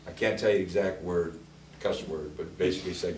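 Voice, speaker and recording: Loud blunt guy telling war stories, mic kinda far off in an echoey room, faint background hum. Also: low-pitched, normal speed. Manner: colorful, blunt, acts out quotes with big swings in loudness. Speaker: former congressman telling stories. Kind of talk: animated storytelling speech.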